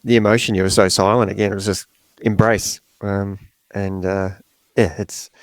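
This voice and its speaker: A middle-aged man, a coach and podcast host, talking in a halting, emotional way with many pauses and fillers. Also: fairly low pitch, flat delivery, dry recording. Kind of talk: podcast conversation.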